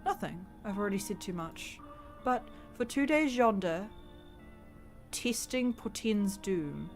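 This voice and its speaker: A woman's voice: medium pitch, lively intonation, soft background music. A woman doing a cryptic ominous stranger. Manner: slow, solemn, riddling speech.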